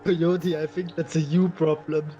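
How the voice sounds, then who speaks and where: A woman on voice chat during a multiplayer game, calling out quick exclamations to her teammates. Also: low voice, level tone, warm tone, muffled recording, faint music behind. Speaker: fellow player on voice chat. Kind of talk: casual gaming chat.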